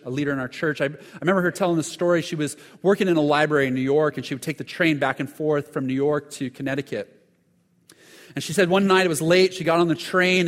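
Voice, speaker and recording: Earnest man preaching in a reverberant hall. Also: a little high. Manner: earnest storytelling with frequent restarts. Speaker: pastor. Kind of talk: sermon.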